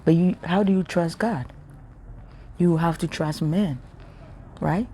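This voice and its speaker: A woman's voice: fairly low pitch, slow pace, dark tone, a little hiss or hum. Impassioned woman preaching to camera. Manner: earnest, impassioned, repetitive. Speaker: spiritual vlogger. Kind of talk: emotional preaching monologue.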